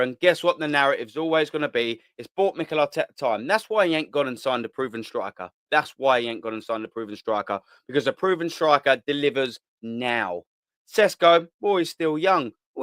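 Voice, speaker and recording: A man's voice: on the high side, a bit bright, no room sound, studio quality. A young man, hosting a live fan stream and ranting with heat and a lot of swearing. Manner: heated, ranting, repetitive, swears. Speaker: host of a live fan channel. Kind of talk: live-stream rant reading the chat.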